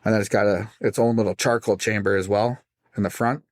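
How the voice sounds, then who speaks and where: A man, a guest pitmaster, telling his story in casual, animated chat on a studio podcast. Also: lowish voice, a little fast, no echo. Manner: animated, acts out voices in his stories.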